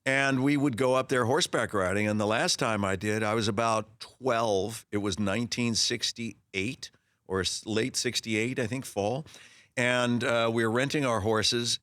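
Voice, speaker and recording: A man in his sixties, a guest telling stories in a casual interview, lively and animated, acting out voices in his anecdotes with frequent restarts. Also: mid-range voice, no echo, studio quality. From Los Angeles area. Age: 60s. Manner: frequent restarts and repeated words. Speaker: actor guest.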